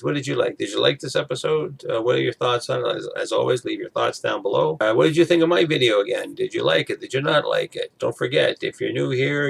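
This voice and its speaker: A man's voice: mid-range voice, creaky. A man recapping a TV episode in a casual, rambling way, full of fillers. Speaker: TV episode reviewer.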